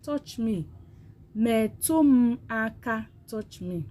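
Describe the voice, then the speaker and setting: A woman's voice: medium pitch, animated, a little slow, dark tone, slight background noise. A woman teaching a language lesson, patiently repeating words for learners to say after her. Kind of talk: slow spoken language lesson.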